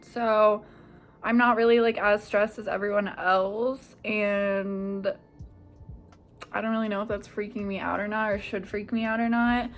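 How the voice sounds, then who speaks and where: A woman's voice: medium pitch, little pitch movement, a little slow, a little hiss or hum. A young woman in her twenties, a nursing student, chatting casually to camera in a rambling way, full of "like" and "I don't know". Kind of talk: casual vlog chat.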